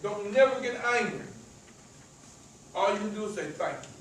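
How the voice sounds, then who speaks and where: Country-accent guy preaching motivation, stutters a lot, high voice, big echoey hall sound, faint hiss. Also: normal speed, a bit bright. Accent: rural American country accent. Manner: stutters and stammers, repeats words, preachy. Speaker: motivational speaker. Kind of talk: motivational talk to a live audience. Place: echoey event room with an audience. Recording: very echoey room, voice far from mic.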